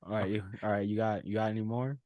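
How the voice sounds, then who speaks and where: A podcast host in a casual chat who trades corny jokes and laughs loudly and playfully. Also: mid-range voice, steady tone, quick pace, no room sound, dull audio. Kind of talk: casual joke-trading chat.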